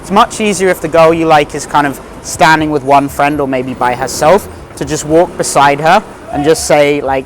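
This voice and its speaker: A man from London coaching viewers in a relaxed voice-over, explaining step by step. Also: fairly high pitch, moderate pace, few pauses, slight background noise. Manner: relaxed, explanatory, slightly rambling. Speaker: dating coach. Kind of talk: instructional voice-over.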